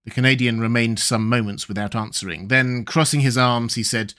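A man narrating a classic adventure novel as an audiobook reader in a measured, steady way. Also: mid-range voice. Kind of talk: scripted narration.

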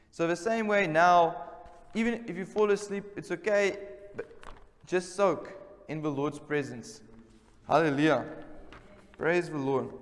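A man's voice: a little high, a bit bright, long reverb tail. A man preaching a sermon in a church, emphatic and repeating key words, calling out to the congregation for responses. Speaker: pastor. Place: church service.

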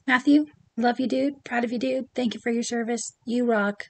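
A middle-aged woman talks casually to camera about her collection. Her voice sits a little high, and she fills her talk with ums and friendly asides. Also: fairly even intonation, normal speed, dry recording. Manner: chatty and warm, many ums and asides. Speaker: pin collecting vlogger.

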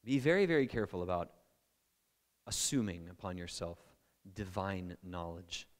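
A male pastor preaching a sermon in a conversational, animated way, with playful asides. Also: deep voice, moderate pace, big-room sound.

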